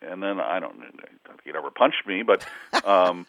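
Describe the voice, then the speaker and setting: A man's voice: low voice, expressive, moderate pace, creaky, fairly bright tone, dry recording. Man telling stories over a tinny phone line. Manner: rambling, chuckling anecdotes with many fillers. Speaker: sportswriter guest. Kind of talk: casual storytelling interview.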